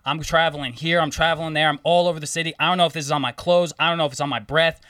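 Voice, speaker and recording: A young man telling a story in casual chat, animated and swearing often, quoting himself and others. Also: a little high, very fast, no echo, recorded from a distance. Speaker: home care therapist.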